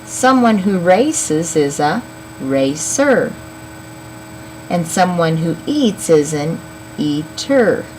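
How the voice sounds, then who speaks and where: A woman teaching young children a phonics lesson, slowly sounding out words and counting syllables. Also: fairly low pitch, big pitch swings, a little mellow, a little hiss or hum, low-quality recording. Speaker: elementary school teacher.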